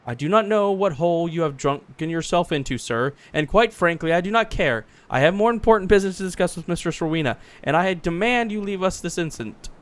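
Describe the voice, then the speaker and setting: A man's voice: high-pitched, lively intonation, a little fast, few pauses, pitched above the performer's own voice. A man voicing a pompous young male scholar who talks formally and stumbles over long words. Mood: indignant.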